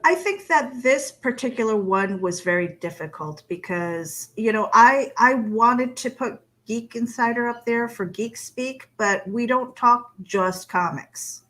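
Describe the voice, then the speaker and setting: Female co-host on a remote call, slow talker, hesitant and self-deprecating. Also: fairly high pitch, lively intonation, fairly bright tone. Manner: unsure, trails off, self-deprecating. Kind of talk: casual panel chat.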